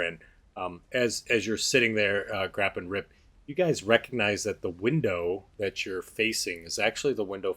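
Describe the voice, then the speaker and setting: A man narrating as game master in a relaxed, rambling way with many fillers. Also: low-pitched.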